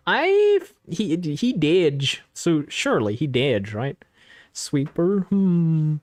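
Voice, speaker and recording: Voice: medium pitch, very animated, slow pace, darkish tone. A streamer chatting casually while playing a story game, thinking aloud and laughing between lines. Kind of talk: casual let's-play commentary. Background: faint game music.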